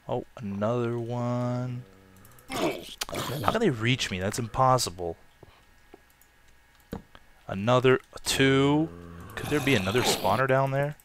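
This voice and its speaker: A man casually commenting on his own gameplay, chatty and self-mocking, with loud excited outbursts. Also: mid-range voice, slow pace, pauses often, a little hiss or hum. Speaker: let's play gamer.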